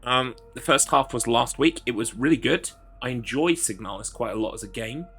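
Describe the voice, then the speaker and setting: Male streamer, bright voice, loose rambling chat, jokes at his own expense. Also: mid-range voice, normal speed, breathy edge, faint music behind. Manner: rambling, self-deprecating, reads chat aloud. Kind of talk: casual live-stream chat.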